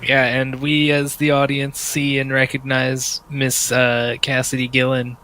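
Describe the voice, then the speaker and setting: A man's voice: medium pitch, monotone, measured pace, pushed and bright, poor audio. A man narrating as game master, describing scenes casually with many fillers.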